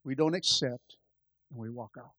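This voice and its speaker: A man's voice: medium pitch, moderate pace, pushed and bright, dry recording. A man pastor preaching a conversational sermon, calling out to the church and building to impassioned stretches. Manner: impassioned, rising in volume.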